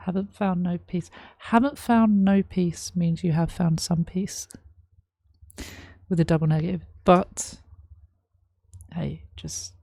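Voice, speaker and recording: A woman reacting to a song, reading lyrics aloud and explaining them in a thoughtful, halting way, with many ums. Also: on the low side, fairly even intonation, creaky, darkish tone, no echo, clean studio sound. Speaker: music reaction host. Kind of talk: casual reaction commentary.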